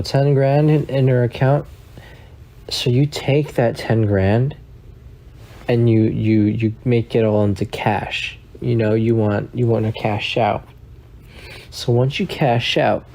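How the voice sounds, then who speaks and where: A man giving a deadpan, absurd comedic monologue, halting often with repeated words and restarts. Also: medium pitch.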